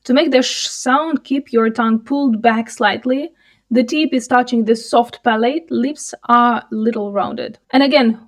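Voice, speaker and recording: A woman with a somewhat high voice walks a learner through pronunciation in a calm, clear, patient way. She slows right down for each model sentence, and she is recorded outdoors while walking through a city. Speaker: Russian language teacher. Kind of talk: pronunciation lesson with slow model readings.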